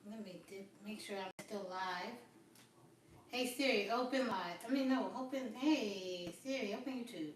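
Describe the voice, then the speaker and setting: Chatting and rambling to her viewers, a woman livestreams casually from her phone in a mid-range voice, a little fast and barely pausing. The room is very echoey, she sits far from the phone mic, and there's slight background noise.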